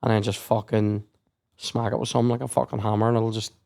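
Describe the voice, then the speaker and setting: A man's voice: lowish voice, little pitch movement, fast talker, vocal fry. A young man, hosting a podcast and telling sweary school stories in casual chat. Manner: sweary storytelling, acts out shouted quotes. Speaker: podcast host.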